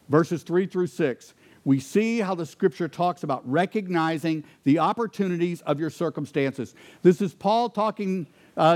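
Emphatic preaching man, higher voice. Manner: emphatic preaching with rhetorical questions, dropping to quiet intensity. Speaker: pastor. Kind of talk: sermon.

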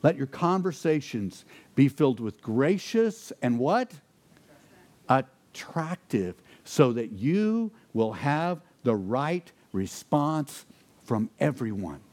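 A man preaching a sermon, asking rhetorical questions and dropping to quiet intensity for emphasis. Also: mid-range voice, very animated, slow. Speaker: pastor.

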